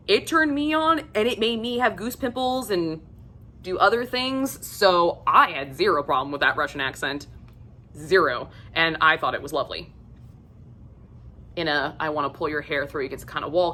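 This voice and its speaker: Woman, casual book review, effusive, swears a lot, lowish voice. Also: sharp tone. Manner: gushing and effusive, swears freely.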